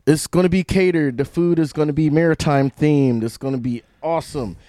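A man's voice: fairly high pitch, brisk, mellow, no room sound. A man hosting a radio show from a studio mic, chatting loosely and rambling through half-finished sentences. He laughs easily and sounds a bit loopy. The sound is close and dry, with no room around it. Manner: self-described mildly loopy. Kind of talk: casual radio chat. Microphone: studio microphone.

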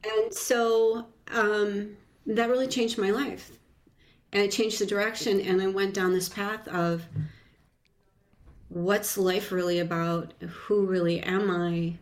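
A woman guest telling a personal story in a casual interview, halting and reflective, with frequent restarts and fillers. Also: mid-range voice, fairly even intonation.

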